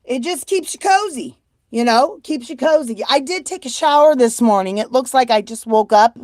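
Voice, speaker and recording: A woman's voice: high-pitched, animated, normal speed, darkish tone, dry recording. A woman chatting casually on a live stream from home, folksy and self-mocking as she shows off her handmade blankets.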